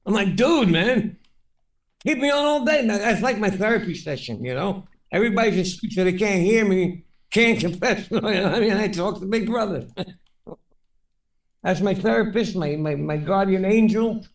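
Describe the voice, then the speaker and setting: A man's voice: high-pitched, animated, normal speed. A man co-hosting a live stream in casual chat, rambling and swearing freely, affectionate toward his friends.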